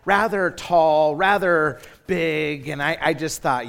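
Male preacher, animated storyteller who restarts and repeats words; high, bright voice. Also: slow, gravelly. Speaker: pastor. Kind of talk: sermon with personal storytelling.

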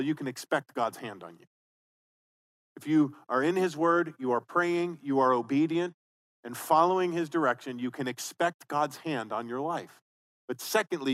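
A man's voice: mid-range voice, a bit bright. A man preaching a sermon as pastor, conversational and emphatic, repeating phrases for stress.

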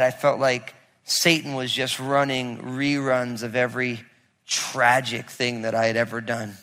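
A male pastor preaching a sermon to a congregation, telling a personal story and building to loud, emphatic preaching. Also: medium pitch. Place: church sanctuary with congregation. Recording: long reverb of a large hall.

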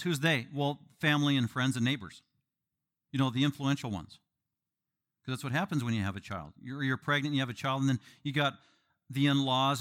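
A man preaching an expository sermon. He delivers it in an animated, emphatic way, with joking asides to the congregation. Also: mid-range voice. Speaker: pastor.

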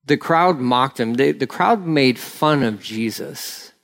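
A man preaching a sermon, retelling a Bible story in a loose, animated way and acting out the people's lines with rambling asides. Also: mid-range voice, slow pace, gravelly. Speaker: pastor.

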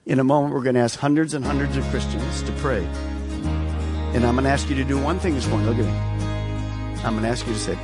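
A man's voice: medium pitch, fast, pauses often, over loud music. A man, a pastor, preaching a sermon with rhetorical questions and earnest appeals. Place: church sanctuary.

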